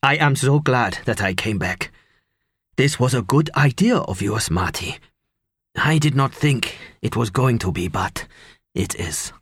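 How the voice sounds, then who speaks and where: A man's voice: mid-range voice, lively intonation, slightly rough, no echo, clean studio sound. A man doing a wistful older German man. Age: middle-aged. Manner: halting, emotional, quiet. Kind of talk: audiobook character reading.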